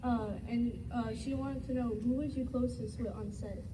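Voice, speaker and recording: A woman's voice: fairly high pitch, steady tone, normal speed. A woman fan asking a question in a shy, giggly way. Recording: distant mic, echoey hall, noisy crowd.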